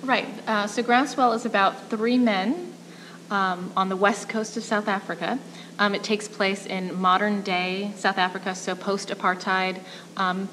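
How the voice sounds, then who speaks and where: A woman's voice: mid-range voice, fairly bright tone, a little hiss or hum, rough recording. Thoughtful woman director. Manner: thoughtful, with frequent "um"s. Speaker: theatre director. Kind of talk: casual interview.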